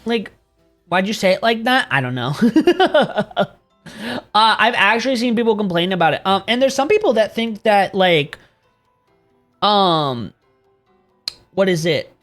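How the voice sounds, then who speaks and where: A man's voice: high voice, big pitch swings, a little slow, pauses often, fairly bright tone, faint music behind. A man streaming and chatting casually with viewers, rambling, swearing freely and laughing often.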